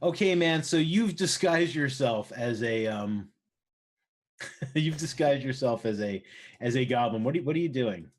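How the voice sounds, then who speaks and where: A man's voice: mid-range voice, expressive, measured pace. A man running a tabletop game as dungeon master, loose and laughing, swearing casually.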